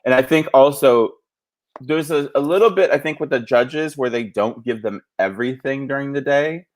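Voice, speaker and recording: A man with a medium-pitched voice, speaking at normal speed, hosts a podcast. Hailing from the New York City area, he chats casually and tells stories with plenty of fillers.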